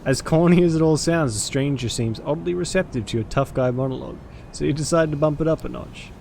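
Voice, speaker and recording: Man with a gravelly voice reading a game aloud. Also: a little high, brisk, a little mellow, slight background noise. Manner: dramatic reading broken by cursing asides. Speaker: streamer playing a story game.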